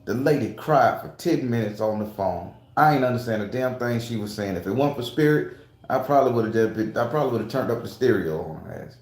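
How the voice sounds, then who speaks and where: A man with a mellow, darker voice tells a story in a loose, emphatic way, cursing freely. His voice rings a little off the walls of an echoey room. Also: mid-range voice, lively intonation, brisk. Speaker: tarot reader. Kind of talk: casual storytelling monologue.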